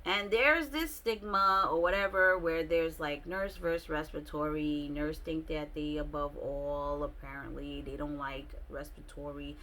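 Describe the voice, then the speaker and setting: A young adult woman vlogging a casual storytime, expressive and slangy, with many fillers. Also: low voice, moderate pace, few pauses.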